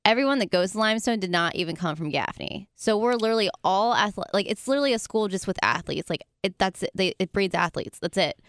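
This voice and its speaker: A woman's voice: mid-range voice, expressive, fast, few pauses, a bit bright, no room sound. Woman chatting in a rambling way. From South Carolina. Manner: rambling, filler-heavy storytelling. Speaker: guest. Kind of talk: casual chat.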